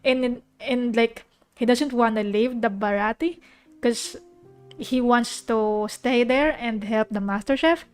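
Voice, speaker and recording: A woman's voice: on the high side, takes it slowly, smooth. A young woman vtuber chatting casually about an anime she is watching, rambling and emotional with frequent restarts. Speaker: vtuber streamer. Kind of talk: casual chat reacting to an anime. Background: soft piano music.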